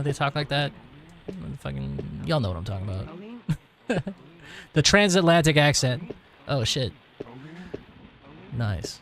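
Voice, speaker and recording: Male streamer, twenties, casual let's-play chatter, rambling, slangy, swears a lot, mid pitch. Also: measured pace, long pauses, a bit bright.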